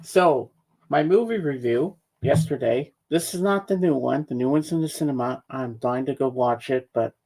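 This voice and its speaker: A man's voice: mid-range voice, moderate pace, darkish tone, breathy edge, poor audio. A man co-hosting a casual podcast, easygoing and chatty. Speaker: podcast co-host. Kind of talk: casual chat.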